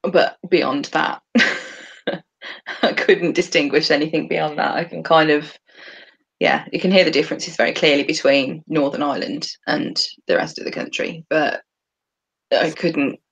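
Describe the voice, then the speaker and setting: A woman's voice: low-pitched, steady tone, measured pace, creaky, husky, dull audio. Chatty woman with a Birmingham accent. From England. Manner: chatty, drops her T's. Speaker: podcast co-host. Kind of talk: casual chat.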